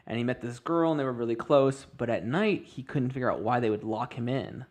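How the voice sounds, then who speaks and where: A man's voice: medium pitch, a little fast, darkish tone. Guy hosting a podcast, chatty, tells stories and does the voices. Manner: chatty storyteller, acts out quoted voices. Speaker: podcast host. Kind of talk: casual chat.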